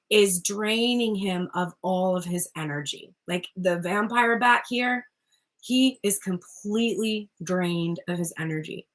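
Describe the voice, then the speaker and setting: Medium-pitched and a bit bright, this woman talks through a tarot reading in a loose, rambling way. She keeps interrupting herself mid-sentence, laughing, and leaning on "like."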